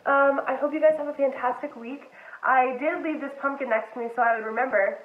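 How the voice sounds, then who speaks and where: Gentle female storybook reader, slightly high voice, tinny roomy recording. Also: fairly even intonation, brisk. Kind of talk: storybook read-aloud. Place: home, dogs nearby. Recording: echoey, tinny phone-like sound.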